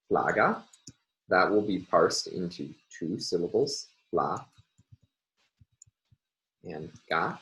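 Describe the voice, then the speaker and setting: A man giving a recorded university phonology lecture, explaining step by step with frequent "uh" and "um" pauses. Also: low-pitched, fairly bright tone, rough recording.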